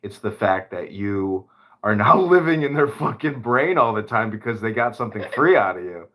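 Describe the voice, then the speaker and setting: Man, podcast host, fairly low voice, casual chat, rambling profane anecdotes. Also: expressive, moderate pace, pushed and bright.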